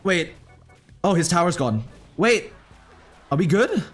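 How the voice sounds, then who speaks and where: A young man talks over his own gameplay, jumping between a long story and muttered notes on his moves. He is excitable and slangy and swears freely, and his voice sits a bit high. Soft music plays faintly behind him. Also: slow pace, husky. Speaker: gaming commentator.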